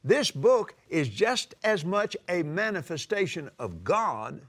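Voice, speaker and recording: An older man preaching a sermon, emphatic and drawing out scripture quotes slowly. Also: sits high, very animated. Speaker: televangelist preacher. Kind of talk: sermon-style teaching.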